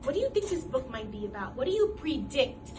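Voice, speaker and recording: A woman teacher doing an interactive read-aloud with children, speaking in an animated, encouraging way. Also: high voice, a little fast, far from the mic, noisy background.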